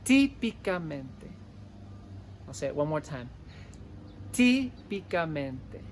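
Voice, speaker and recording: A man teaching a language lesson, repeating each word slowly and clearly so listeners can type it. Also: a little high, expressive, slight background noise. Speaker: Spanish teacher. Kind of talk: slow dictation-style language lesson.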